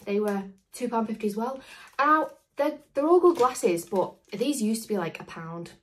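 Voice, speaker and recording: A woman's voice: a little high, expressive, normal speed. A young woman chatting casually to her camera as a vlogger, rambling with lots of "like" and "literally". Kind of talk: casual vlog chat. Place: outdoors on a dog walk, then at home indoors.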